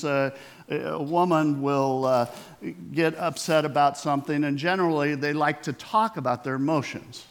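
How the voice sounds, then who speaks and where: A middle-aged male pastor delivers a sermon in a voice that sits slightly high for a man. He talks to the congregation like friends, asking them questions and acting out little quoted voices as he goes. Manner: conversational preaching with rhetorical questions and quoted voices.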